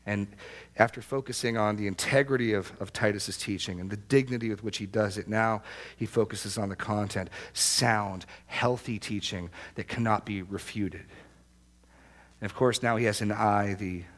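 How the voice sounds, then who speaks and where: A man's voice: on the low side, steady tone, moderate pace, fairly bright tone. A man preaching a sermon to a small church congregation, speaking in an earnest, emphatic way and repeating his key phrases for weight. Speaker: pastor.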